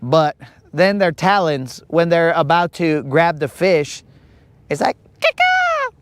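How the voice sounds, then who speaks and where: A man's voice: on the high side, slow, background noise. A man hosting a live fishing stream from a boat outdoors, rambling and joking in slang. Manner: slangy, rambling, joking, says bro a lot. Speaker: fishing livestream host. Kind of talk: casual live-stream banter.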